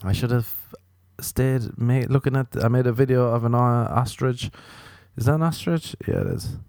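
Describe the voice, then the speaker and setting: A man hosting a podcast in a rambling comedic monologue, profane and animated, often jumping into sudden high mock voices. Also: moderate pace, no echo, studio quality. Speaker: podcast host.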